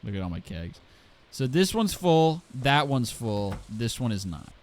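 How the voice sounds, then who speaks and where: A man streams a farming game and chats casually with his viewers in an unhurried, medium-pitched voice. He's animated, talks to chat, and exclaims over the loot he finds.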